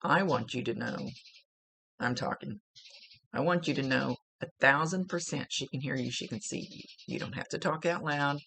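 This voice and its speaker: A woman's voice: rumbling low, moderate pace, vocal fry, fairly bright tone, slightly rough. A woman working as a psychic medium, talking through a spiritual reading in a rambling, casual way, often searching for words.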